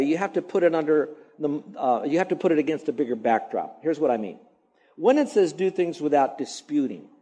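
A man's voice: fairly high pitch, darkish tone. A middle-aged male pastor preaching a sermon, stretching out key words for emphasis and mimicking grumbling sounds.

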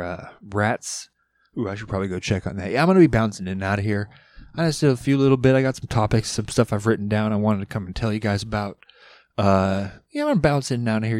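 A man talking casually on a podcast, loud, rambling and full of swearing. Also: lowish voice, no room sound. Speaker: podcast guest. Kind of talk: casual monologue.

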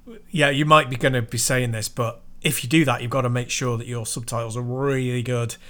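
A man's voice: mid-range voice, level tone, a little fast, a bit bright. A man co-hosting a podcast, mostly agreeing briefly and adding dry jokes. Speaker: podcast co-host. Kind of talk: casual chat.

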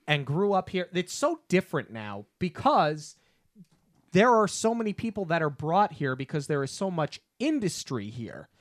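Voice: medium pitch, no room sound. Opinionated New Yorker, dry sound. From New York. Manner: opinionated, argumentative, many fillers and restarts. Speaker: podcast co-host. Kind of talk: casual review chat.

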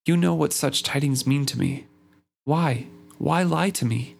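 A man reading aloud as a wounded male friend who speaks in quiet reproach. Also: a little high, gravelly, pitched above the performer's own voice. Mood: hurt. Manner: slow, reproachful.

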